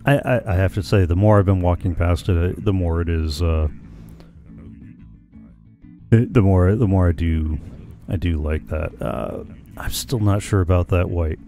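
A man's voice: low voice, moderate pace, long pauses, mellow, soft background music. A man chatting casually with his live-stream viewers while he plays, musing aloud and hesitating with frequent ums and restarts.

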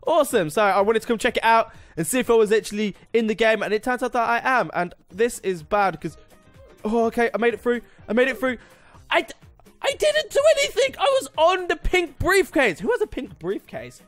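A young man giving excitable, jokey commentary while playing a game, talking to the game and its maker as he goes. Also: sits high, brisk, faint music behind. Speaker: gaming YouTuber. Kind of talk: casual gameplay commentary.

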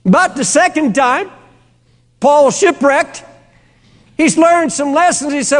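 Man preaching, impassioned sermon, very high voice, long hall reverb. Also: slow, long pauses. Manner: impassioned, at times screaming.

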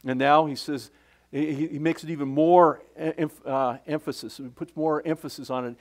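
A man's voice: a little high, steady tone, normal speed. A middle-aged male pastor preaching a sermon in a conversational, folksy way, often restarting his sentences.

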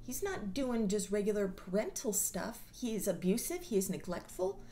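A woman's voice: medium pitch, very animated, normal speed, warm tone, a little hiss or hum. A woman vlogger giving a casual monologue in a blunt, profane and sarcastic way. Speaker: mental health vlogger.

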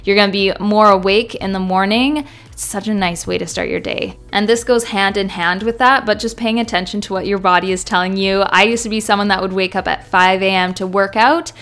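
A woman's voice: medium pitch, steady tone, brisk, fairly bright tone. A young woman chatting casually to viewers in a vlog, upbeat and direct. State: out of breath at times. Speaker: vlogger.

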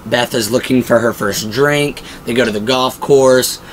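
A man's voice: mid-range voice, unhurried, a little hiss or hum, rough recording. A young man hosting a show, giving casual, enthusiastic fan commentary in a rambling way full of fillers. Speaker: pop-culture show host.

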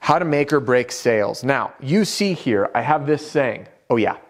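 A man's voice: medium pitch, lively intonation, normal speed. A man giving a direct, upbeat sales coaching lesson to camera, with a self-deprecating touch. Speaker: sales trainer.

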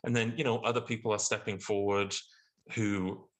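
A British man, a guest actor on a podcast, telling an animated story and acting out the exchanges he quotes. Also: fairly low pitch, moderate pace, poor audio. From Britain.

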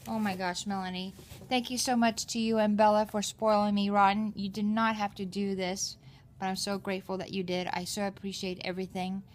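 A middle-aged woman vlogger opening a craft gift package at home, gushing with excitement and gasping over each item. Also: medium pitch, a little hiss or hum. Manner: gushing, excited, gasps often. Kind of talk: casual unboxing chat.

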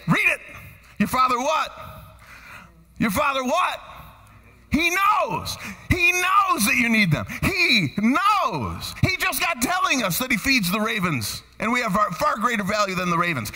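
A man preaching to his congregation, calling out questions and swinging from shouts to quiet, earnest tones. His voice sits high and bright with a husky edge. His pitch leaps around constantly. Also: normal speed, in a large hall. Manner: animated preaching, quizzing the congregation, shifting from shouts to hushed tones. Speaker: pastor. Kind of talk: sermon. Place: church sanctuary.

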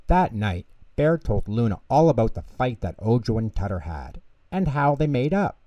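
A man reading a children's bedtime story aloud as storyteller, calm and lilting. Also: mid-range voice, moderate pace, few pauses, no room sound.

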